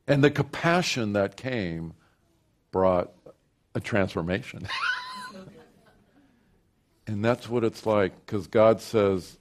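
Older male pastor, slow and fairly low, folksy and grandfatherly, booming then hushed. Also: animated, slight background noise. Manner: swings from loud preaching to hushed storytelling; folksy, repeats and restarts phrases. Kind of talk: sermon.

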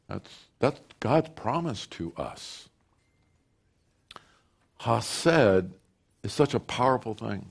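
An older man, a grandfather, preaching a sermon, moving from loud declarations to hushed, folksy storytelling. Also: lowish voice, sing-song, very slow, vocal fry, pauses often, husky. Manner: folksy, repeats and restarts phrases. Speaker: pastor.

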